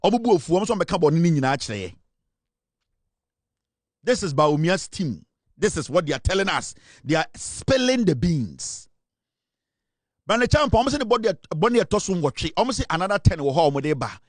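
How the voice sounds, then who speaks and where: Emphatic Ghanaian man, high-pitched. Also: sing-song, normal speed, long pauses, no room sound, clean studio sound. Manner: emphatic, dramatic, mixes Twi and English. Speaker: political commentator. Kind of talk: animated political commentary.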